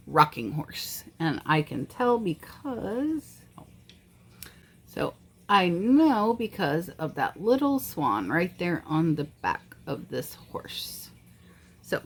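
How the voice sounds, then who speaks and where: Low-voiced chatty woman reseller. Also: a little hiss or hum. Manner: chatty, frank, easily exasperated. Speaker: eBay reseller. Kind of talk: casual vlog chat.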